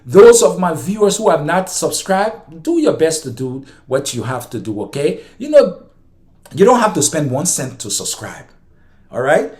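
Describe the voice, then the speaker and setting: A man with a Liberian accent and a notably high speaking voice rants passionately about his country's politics. He talks straight to his subscribers, repeating lines for emphasis as his feelings rise. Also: big pitch swings, moderate pace, a little mellow. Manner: impassioned, ranting, repeats himself. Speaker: vlogger. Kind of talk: political commentary monologue.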